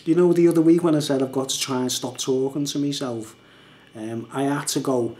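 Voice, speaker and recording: Laughing frequently, a vlogger wanders through a casual story stuffed with "like" and "you know." His mid-range voice is warm and brisk with fairly even intonation, and the recording sounds roomy.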